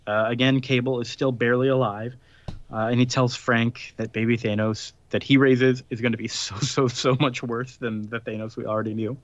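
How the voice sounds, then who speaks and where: Casual male podcast co-host, rambly storyteller with fillers, mid-pitched, muffled dry mic. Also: little pitch movement, dry recording. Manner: rambling recap with frequent fillers and quick laughs. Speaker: podcast co-host recapping comics. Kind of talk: casual chat.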